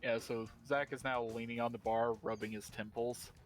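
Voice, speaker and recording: A man's voice: mid-range voice, little pitch movement, moderate pace, faint music behind. A man playing a tabletop game, speaking in character in an easygoing, hesitant way. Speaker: player.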